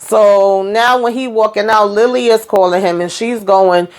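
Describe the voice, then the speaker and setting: A woman with a mid-range voice and fairly even intonation chats casually through a recap of a TV episode, colloquial and full of fillers and mild cursing. She's a TV recap vlogger who acts out the characters' lines in quick voices.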